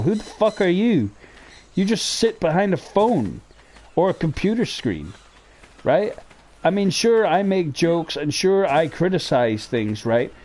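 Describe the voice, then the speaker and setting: A man hosting a casual talk show, ranting heatedly with lots of swearing, jumping between loud outbursts and low mutters. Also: slight background noise. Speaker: podcast host. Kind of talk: casual opinion rant.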